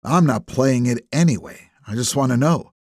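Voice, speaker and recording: A man voicing a tense attorney being questioned by police, guarded and quick with retorts. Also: mid-range voice, a little mellow, dry recording, clean studio sound, natural voice.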